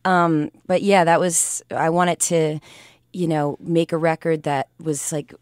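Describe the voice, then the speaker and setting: A woman's voice: sits low, flat delivery, a little slow, darkish tone, dry recording. A woman musician talking as a guest in a radio studio interview, loose and chatty, laughing often and using lots of fillers. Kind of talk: casual radio interview chat.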